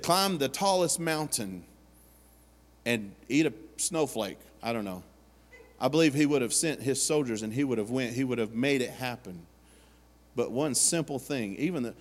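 Earnest pastor in a reverberant hall. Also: male voice, mid-range voice, expressive, normal speed. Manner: earnest storytelling, acts out quoted voices. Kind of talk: sermon. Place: church sanctuary.

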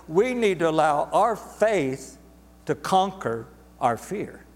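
Guy preaching a sermon, kinda high voice, slow punchy repeats, long church echo. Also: sing-song. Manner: emphatic, drawn-out preaching with repetition. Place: church sanctuary.

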